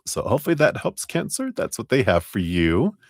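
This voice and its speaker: A man's voice: lowish voice, big pitch swings, a little fast, breathy edge, dry recording, clean studio sound. A man doing a live tarot reading, musing and easygoing, with many fillers and restarts. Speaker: tarot reader.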